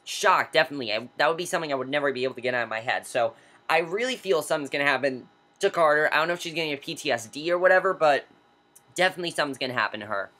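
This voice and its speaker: A young man casually recapping and reviewing a TV episode, rambling and excitable, full of ums and likes. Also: fairly high pitch, rapid-fire. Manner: rambling, filler-heavy, excitable.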